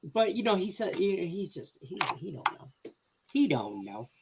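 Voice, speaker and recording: A man's voice: high voice, sing-song, normal speed, creaky, very noisy. A man in his thirties co-hosting a casual show, telling a family story in a rambling way with fillers, laughs and swearing. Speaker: co-host.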